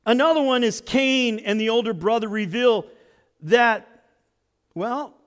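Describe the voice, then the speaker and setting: High-voiced slow-preaching man. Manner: dramatic, swings between loud and hushed. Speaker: pastor. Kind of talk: sermon.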